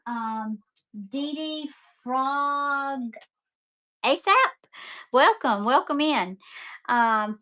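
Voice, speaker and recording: A talkative woman from Mississippi in her fifties, with a warm Southern accent. Her voice is bright and sits a little high. She rambles happily and casually, like she's chatting with friends during a live stream. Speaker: live-stream art kit seller.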